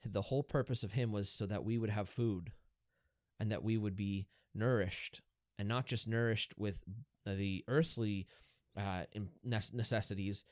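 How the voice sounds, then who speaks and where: A man, a Catholic priest, talking in a casual podcast discussion, explaining things in a lively way and asking rhetorical questions. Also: fairly low pitch, a little slow, dry recording, clean studio sound. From Erie, Pennsylvania, US.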